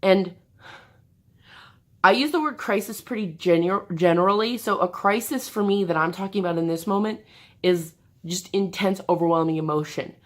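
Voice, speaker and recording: A woman vlogger talking candidly to the camera from her bed, in a halting, hesitant way with many restarts. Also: mid-range voice. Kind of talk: candid personal talk to camera. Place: bedroom, sitting on an air mattress.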